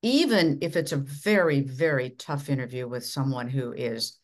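A middle-aged woman from Minnesota, a leadership coach giving measured, instructive advice as a podcast guest. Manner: measured, instructive, dramatic swings of pitch and volume. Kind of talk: podcast interview.

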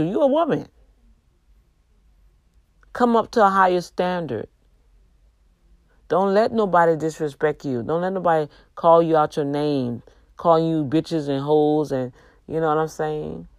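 A woman's voice: low-pitched, no echo. Earnest woman exhorting on a faith livestream. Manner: earnest, exhorting, preacher-like, drawn-out emphasis. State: tired, yawning. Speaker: livestream host. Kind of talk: casual faith talk on a livestream.

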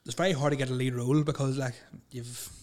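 Man, casual storyteller, quick rambling delivery, middle pitch. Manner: rambling animated storyteller, laughs often, swears. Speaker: podcast guest telling stories. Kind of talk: casual chat.

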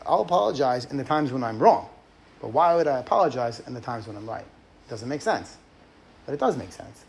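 A middle-aged rabbi who hosts a podcast gives a teaching talk about marriage, earnest and conversational, acting out short example quotes. His voice is fairly high-pitched, darkish, and slightly rough.

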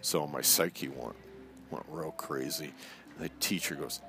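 A man telling a personal story in a casual, animated way, acting out the voices of people he quotes. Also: rumbling low, a little slow, creaky, faint music behind.

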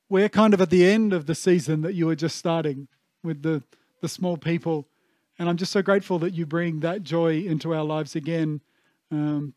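A man, giving a heartfelt, earnest sermon, often pausing with fillers and restarting his phrases. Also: a little high, a little mellow, no echo. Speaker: pastor.

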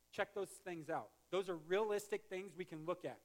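A man's voice: high voice, lively intonation, normal speed, hardly any pauses. A male pastor giving a conversational sermon, with joking asides and restarts. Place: church sanctuary.

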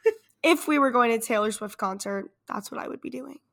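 A woman co-hosting a casual podcast, reacting with quick jokes. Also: a little high, vocal fry, a bit bright. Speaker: podcast co-host.

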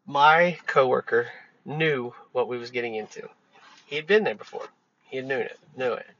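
A man hosts a podcast, rambling through work stories in a loose, profane, casual monologue full of fillers. His mid-range voice moves at a normal speed with a fairly bright tone. The lo-fi recording sounds dull and carries a little hiss or hum.

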